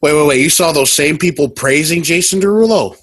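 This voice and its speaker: A man co-hosting a podcast in casual chat, laid-back, reacting with slang and quick asides. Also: a little high, a bit bright, breathy edge. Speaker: podcast co-host.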